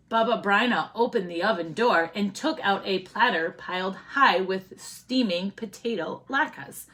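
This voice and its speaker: A woman teacher reading a picture book aloud to children, expressive and often asking the listeners questions. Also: mid-range voice, a little slow.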